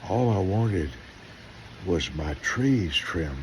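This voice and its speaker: Low-voiced older pastor telling stories. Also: male voice, a little slow, background noise. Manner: animated, acts out dialogue in stories. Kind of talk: sermon-style storytelling.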